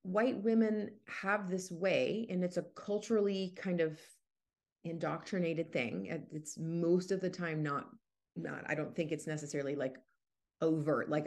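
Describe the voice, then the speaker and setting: Woman podcast host, pretty low voice, chatty and reflective, lots of restarts. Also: fairly even intonation, measured pace, darkish tone. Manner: thoughtful, with frequent restarts and hedges. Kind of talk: casual podcast monologue.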